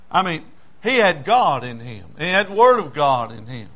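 A man preaching a sermon in a dramatic, folksy way, swinging between loud outbursts and low murmurs. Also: very animated, normal speed. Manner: folksy, with many fillers and restarts.

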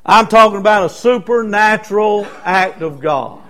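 A man's voice: high-pitched, normal speed, a bit bright. A middle-aged man preaching a Baptist sermon with emphatic repetition. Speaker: Baptist pastor.

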